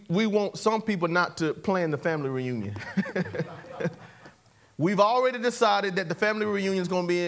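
A man preaches with a strikingly high voice, trading call and response with his listeners. He repeats his phrases, asks for an answer, and chuckles between points. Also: fairly bright tone. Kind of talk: sermon.

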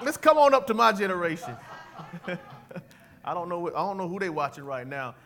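A man preaching a sermon as pastor, animated and conversational, drawing call-and-response from his congregation. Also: high-pitched, moderate pace.

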